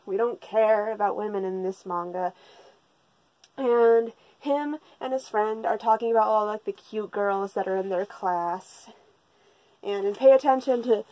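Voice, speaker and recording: A woman tells a manga story with heavy sarcasm and plenty of swearing. She rambles, restarts her sentences and mocks what she describes. Her voice sits at an ordinary pitch, recorded close and dry. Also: moderate pace, mellow, no echo, poor audio. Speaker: manga reviewer. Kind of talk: casual spoken recap.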